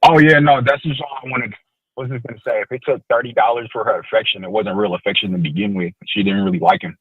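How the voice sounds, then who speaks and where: A man's voice: fairly low pitch, fast talker, husky, no room sound. A man calling in to a talk show, polite and brief. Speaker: caller. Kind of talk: phone-in call. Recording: muffled phone line.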